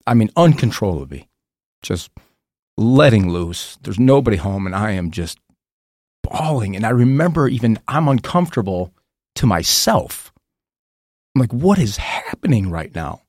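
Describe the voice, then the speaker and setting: Deep creaky guy on a podcast, halting and emotional, keeps repeating words, dry sound. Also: expressive, darkish tone, no echo. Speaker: podcast guest. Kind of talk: candid personal storytelling.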